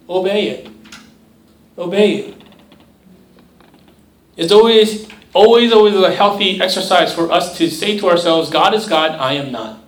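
A man's voice: sits high, normal speed. A young man preaching a conversational sermon to a youth group, often checking in with "right?" and briefly mimicking other voices. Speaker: youth pastor. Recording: echoey room, mic at a distance.

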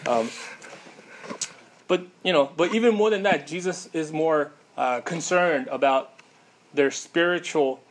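A man's voice: a little high, measured pace, pauses often, slight background noise. A man preaching a casual sermon in a conversational way, with many fillers and frequent tag questions.

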